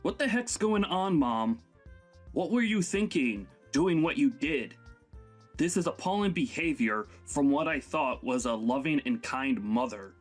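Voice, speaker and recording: A man's voice: mid-range voice, expressive, unhurried, faint music behind. A man voicing an exasperated grown son. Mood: scolding. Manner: exasperated, scolding. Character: angry grown son confronting his mother.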